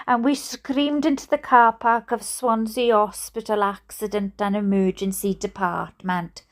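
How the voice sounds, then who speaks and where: A Welsh woman reading a book aloud, given to fits of giggles. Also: on the high side. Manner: giggly, breaks into laughter. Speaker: storyteller.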